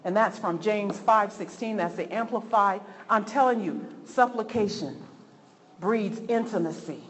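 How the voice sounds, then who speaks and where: A woman preaches with fervent, repetitive emphasis, her voice sitting at an ordinary middle pitch. The sermon rings with a long hall reverb, and a faint noise sits underneath it. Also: measured pace.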